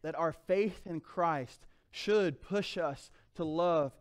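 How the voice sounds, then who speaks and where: Man, pastor, high-pitched, emphatic sermon, church. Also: slow, smooth. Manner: emphatic, calls out to the congregation. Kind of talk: sermon with scripture reading.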